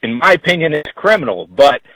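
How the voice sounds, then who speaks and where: A man from Texas calling into a radio talk show, speaking in a measured, formal and firm way. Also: a little high, animated, a bit bright, dry recording, rough recording. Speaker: caller.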